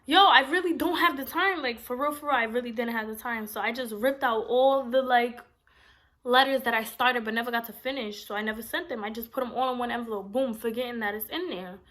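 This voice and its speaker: A woman's voice: fairly high pitch, steady tone, fairly quick, fairly bright tone. Blunt, profane young woman vlogger. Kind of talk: casual storytime vlog.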